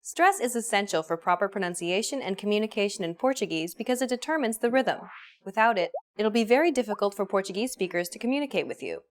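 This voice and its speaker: A woman hosting a language course, reading a scripted lesson in a clear, even teaching manner. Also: mid-range voice, quick pace.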